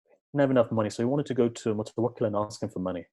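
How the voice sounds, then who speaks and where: A man's voice: mid-range voice, rapid-fire, warm tone. A man giving a sermon, telling stories and acting out quoted dialogue, with earnest, repetitive emphasis. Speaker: speaker at a religious gathering. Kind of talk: sermon with storytelling.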